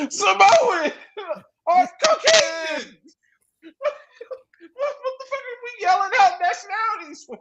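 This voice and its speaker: Excitable high-voiced podcast co-host. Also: moderate pace, pauses often, background noise. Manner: excitable, loud laughing outbursts. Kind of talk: casual wrestling recap chat.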